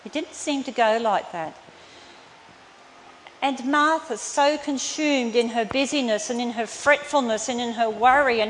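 A woman's voice: on the high side, a little slow. Earnest woman preaching in a hall. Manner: earnest, emphatic, softening to tender. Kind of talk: sermon. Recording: reverberant hall, faint room noise.

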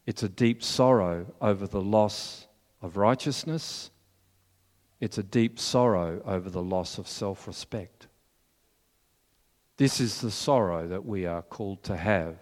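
A male pastor preaching a sermon in an earnest, measured, storytelling manner. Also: fairly low pitch, a little mellow. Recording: long hall reverb.

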